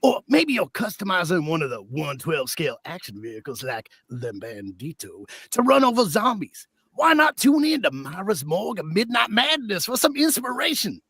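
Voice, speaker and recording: A man voicing a smooth-talking, showy late-night radio DJ with a silky voice and theatrical alliterative patter. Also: high-pitched, wildly swooping pitch, moderate pace, hardly any pauses, a bit bright, dry recording, clean studio sound, heavily acted. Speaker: radio DJ character.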